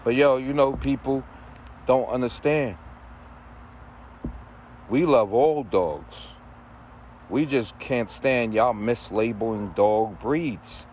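A man's voice: medium pitch, slow pace, long pauses, darkish tone, slight background noise. A man, a dog breeder, ranting casually to camera in an emphatic way, repeating his points and using street slang.

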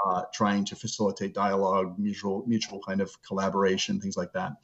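Speaking as a guest over a lo-fi video call, a low-pitched, middle-aged seminary professor shares personal stories in a reflective interview. His voice is dull yet a bit bright and monotone, and he speaks earnestly, slowing to stress points.

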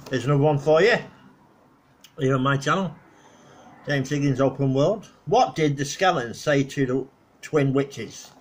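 A man's voice: medium pitch, moderate pace, pauses often. A middle-aged man, rambling casually through old memories on his vlog and laughing at his own stories. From northwest England. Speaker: vlogger.

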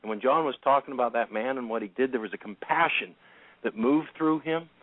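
A man's voice: medium pitch, fairly quick, no echo. Earnest preacherly man over a phone line. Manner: earnest, preacherly, cites verses. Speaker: radio co-host. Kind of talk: short scripture reflection. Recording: dry, phone-like narrow sound.

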